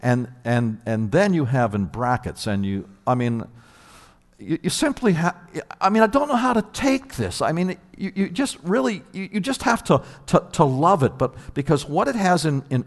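A man preaching a sermon, emphatic and animated, often repeating words as he builds his point. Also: mid-range voice. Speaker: pastor. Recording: long hall reverb.

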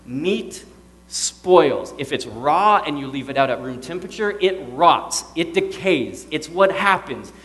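A man in his thirties preaching a sermon in a casual, joking way, swinging between loud outbursts and quiet, serious stretches. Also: on the high side, long reverb tail. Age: 30s. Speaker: pastor.

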